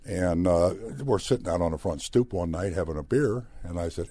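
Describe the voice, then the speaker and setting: An older man with a low, dark, husky voice, recorded dry and close. He tells long stories from his playing days in a chatty, easygoing way, acting out each side of the remembered dialogue. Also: normal speed, few pauses. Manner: chatty anecdotal storyteller who acts out quoted dialogue. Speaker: former player, broadcaster guest. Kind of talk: storytelling interview.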